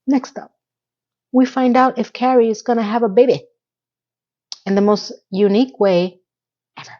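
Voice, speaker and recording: A woman's voice: fairly high pitch, moderate pace, warm tone, dull audio. A middle-aged woman giving a chatty, opinionated recap of a TV episode and offering life advice.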